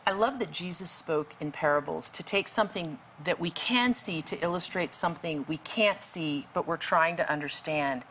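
Woman telling a faith story, lowish voice, acts out the talk, bit of hiss. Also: normal speed, few pauses, a bit bright. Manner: vivid, acts out quoted dialogue. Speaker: guest author. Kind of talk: storytelling testimony.

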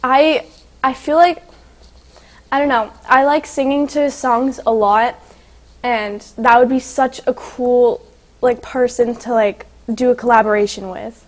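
Chatty high-voiced teenage girl. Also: a little slow. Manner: chatty, filler-heavy, excitable storytelling. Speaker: guest, young singer and actress. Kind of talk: casual interview chat.

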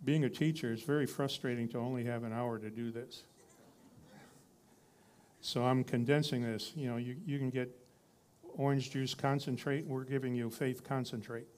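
A man's voice: mid-range voice, fairly even intonation, normal speed, a little mellow. A man preaching a sermon in a conversational teaching style, reading scripture and building to emphatic repeated lines.

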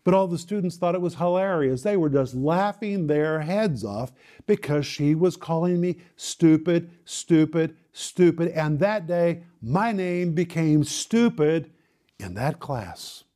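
A man preaching, telling his own story dramatically, with quick bursts and slow, emphatic lines. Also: fairly high pitch, animated, mellow. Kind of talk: sermon testimony storytelling.

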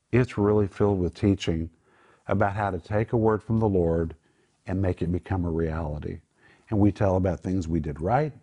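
A man's voice: deep voice, warm tone, husky. An older man hosting a Bible teaching program, earnest and emphatic as he explains Greek words. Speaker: Bible teacher and show host.

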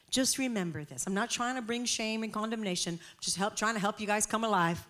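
A woman preaching a sermon with passion, moving from hushed, quiet asides to loud, emphatic exhortation. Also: medium pitch, lively intonation, normal speed.

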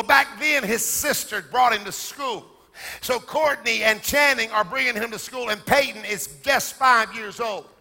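Male preacher, very bright tense tone, sing-song shouting, reverberant sanctuary with music behind. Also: very high voice, creaky. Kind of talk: sermon. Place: church sanctuary. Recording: echoey church hall with music.

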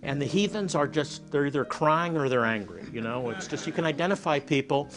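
A man preaching a sermon, telling stories and dropping to a soft hush for emphasis. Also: fairly high pitch, expressive, brisk. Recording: faint music behind.

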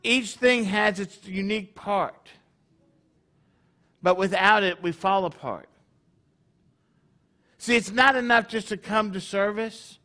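High, bright-voiced male preacher. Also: slow pace, long pauses. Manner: conversational, peppered with rhetorical questions. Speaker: congregation leader. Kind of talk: sermon.

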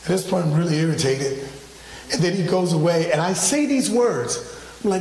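A man preaching a sermon, telling a personal story in an animated way and acting out his own phone calls. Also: sits high, normal speed. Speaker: pastor. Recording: echoey church hall from far off.

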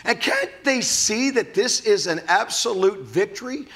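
A man preaches a fiery sermon at a church service, his voice pitched high and ringing bright. He presses each point hard and stumbles into repeated words when he gets worked up. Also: lively intonation, measured pace. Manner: fiery, emphatic preaching with sudden high bursts. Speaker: pastor.

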